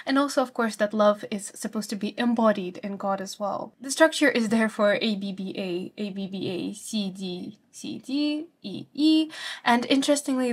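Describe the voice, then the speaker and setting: A young woman presenting a literature study guide, explaining a poem line by line in an earnest way, slowing down when she reads the verse aloud. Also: mid-range voice. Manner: earnest, uses fillers like "like", slows down to read quoted verse.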